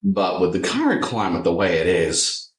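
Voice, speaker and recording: A man's voice: sits low, huge pitch swings, moderate pace, echoey room, distant mic, slight background noise, poor audio. A man, a tattoo artist, chatting casually and animatedly, swearing freely with lots of fillers. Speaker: tattoo artist and podcast host. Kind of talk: casual chat.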